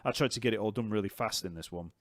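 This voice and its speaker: A man teaching bass on a live stream, chatting loosely with many fillers and restarts, his voice going croaky. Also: fast talker, no room sound, studio quality.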